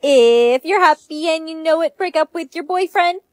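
A woman's voice: very high-pitched, normal speed, no echo, clean studio sound. A text-to-speech woman voicing a chanting teen girl. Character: teenage girl chanting a deadly game.

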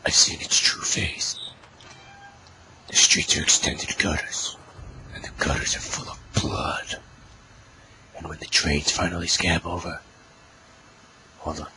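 Rorschach, deep grim whispery vigilante. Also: male voice, flat delivery, slow, long pauses, sharp tone, slight background noise, heavily acted, rough recording. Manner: low rasping monologue, half-whispered. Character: grim gravel-voiced masked vigilante man, bleak.

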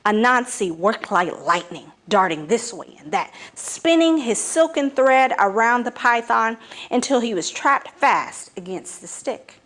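Expressive woman reading a folk tale. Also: on the high side, measured pace. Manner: expressive, dramatic storytelling. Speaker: storyteller.

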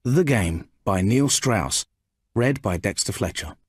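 Lively, dry-sounding audiobook narrator, male. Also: lowish voice, slow, breathy edge, dry recording. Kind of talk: scripted narration.

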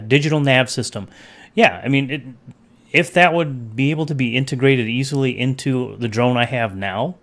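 A man hosting a casual livestream over his webcam, rambling between topics and greeting chat viewers by name. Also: on the low side. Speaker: livestream host.

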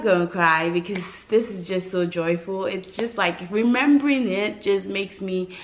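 A young adult woman from West Africa telling a personal story to camera in a vlog, animated and emphatic, acting out what people said. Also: mid-range voice, unhurried, slight background noise. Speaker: vlogger.

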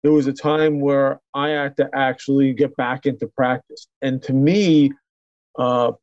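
A man's voice: medium pitch, little pitch movement, a little slow, a little mellow, dry recording, muffled recording. A middle-aged man, a chiropractor, telling his story in a casual interview with many restarts and fillers. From New York. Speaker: chiropractor guest.

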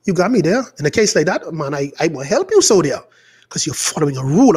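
A man's voice: on the high side, expressive, quick pace, husky. Fiery Bahamian preacher man. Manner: angry, emphatic, swings between loud outbursts and quieter asides. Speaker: pastor. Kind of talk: impassioned preaching.

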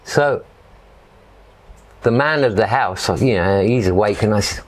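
Chatty lowish-voiced English man. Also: measured pace, a little hiss or hum. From England. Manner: chatty, rambling, full of "you know". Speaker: guest. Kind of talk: casual storytelling.

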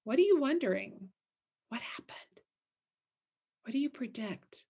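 A middle-aged woman reads a children's picture book aloud in a slow, unhurried lesson. Her voice sits a little high, and she pauses to ask questions before moving on to practical advice for parents. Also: creaky, slightly rough. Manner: expressive storybook reading with questions to listeners. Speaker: literacy coordinator.

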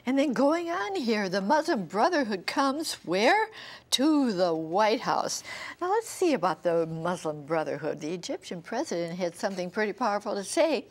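A woman's voice: medium pitch, sing-song, moderate pace. An older woman co-hosting a religious television show, earnestly reading news items aloud with emphasis. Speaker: co-host. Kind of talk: television commentary and reading headlines.

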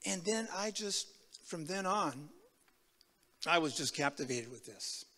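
A man in his seventies giving a testimony sermon as a preacher, an animated storyteller who acts out the dialogue. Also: fairly high pitch, unhurried, in a large hall. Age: 70s.

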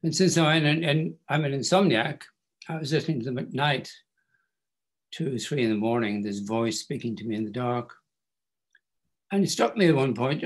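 A man's voice: medium pitch, moderate pace, breathy edge. An older man, a guest author telling stories in a wry, self-deprecating way at a bookstore interview. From Ireland.

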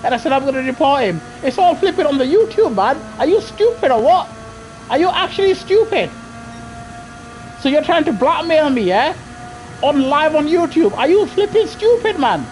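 A man's voice: very high-pitched, very animated, normal speed, darkish tone, a little hiss or hum. Slangy man streaming to chat. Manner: slangy, talking straight at viewers, repeats himself. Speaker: live-streaming gamer. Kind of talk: casual live-stream commentary to chat. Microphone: gaming headset.

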